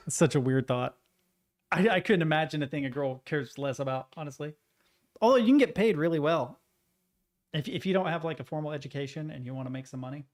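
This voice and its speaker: A young man streaming live, chatting casually and ranting with plenty of swearing and animated retellings. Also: on the high side.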